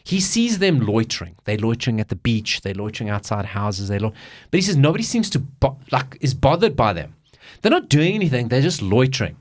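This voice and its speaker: A man co-hosting a casual podcast, retelling movie plots in an animated way and swearing freely. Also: medium pitch, fairly quick. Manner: animated storytelling, swears, acts out quotes. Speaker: podcast co-host. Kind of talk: casual chat.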